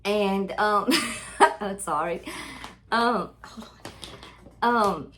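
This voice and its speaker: A woman's voice: medium pitch, drawn-out words, a bit bright, a little hiss or hum. A middle-aged woman from Louisiana with a Cajun accent, chatting casually to her viewers during an unboxing at home. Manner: chatty, calls viewers y'all, easily distracted. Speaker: crafting channel host.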